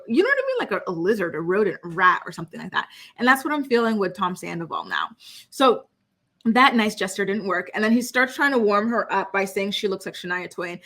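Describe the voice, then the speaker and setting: A woman's voice: medium pitch, pushed and bright. A woman talking casually and with strong opinions as she recaps a reality show for her channel, dropping plenty of "like" and "you know.". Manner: chatty, opinionated, heavy use of "like".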